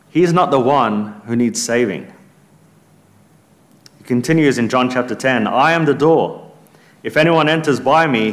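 Guy preaching a sermon, earnest and emphatic, voice goes up on the scripture quotes. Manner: earnest, emphatic, rises in pitch when quoting scripture.

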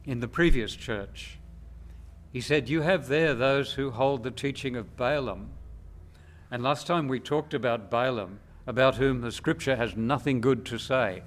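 A man preaching a sermon in a slow, measured, emphatic way, with long pauses between phrases. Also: mid-range voice.

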